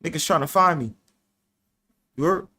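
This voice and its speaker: A rowdy man, his voice sitting a little high for a man. He leads a casual panel chat, laughing a lot, swearing freely and slipping into the voices of the people he quotes. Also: moderate pace, bright, forceful tone. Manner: boisterous, profane, laughs often, acts out quoted voices. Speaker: host of a live panel stream.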